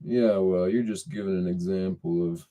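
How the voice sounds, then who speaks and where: A man hosting a casual livestream, chatting and reading viewer comments aloud in a relaxed, drawling way. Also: deep voice, moderate pace. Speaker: livestream host.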